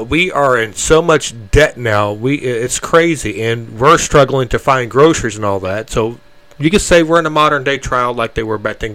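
A man speaking in a sermon, halting with frequent restarts. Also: medium pitch, fairly bright tone, no room sound.

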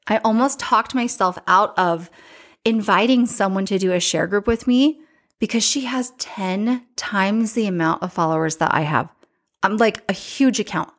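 Chatty woman giving social media tips. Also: medium pitch. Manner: chatty and candid, acts out her own inner voice. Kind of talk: casual advice talk.

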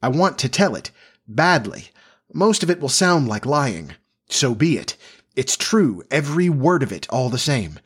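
Man doing a tired, hungry inventor gentleman, short insistent lines, mid-pitched voice. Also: big pitch swings, unhurried, breathy edge, full character voice. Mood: weary. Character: weary, hungry gentleman inventor back from a journey.

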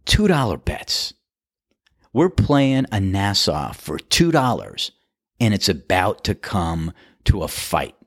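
Casting note: man, low voice, very animated delivery, casual golf yarn, chuckles through it. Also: takes it slowly, no echo, clean studio sound. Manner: animated storytelling, acts out quotes with laughs. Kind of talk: casual anecdote.

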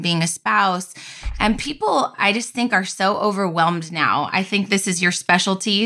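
Bright, energetic woman podcast host. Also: fairly low pitch. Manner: energetic, enthusiastic, swears casually. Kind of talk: casual podcast talk.

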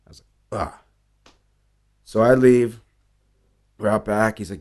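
A man with a slightly low voice tells stories in a loose, conversational way. He swears often and slips into acted-out lines from the people he is describing. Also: normal speed, long pauses. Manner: animated storyteller, acts out quoted dialogue, swears freely. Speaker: bartender guest. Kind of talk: casual storytelling interview.

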